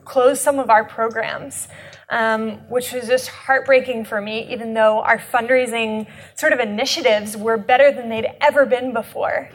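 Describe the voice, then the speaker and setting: A young woman giving a tearful personal testimony, halting, with many fillers and restarts. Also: on the high side, fairly bright tone. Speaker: nonprofit director.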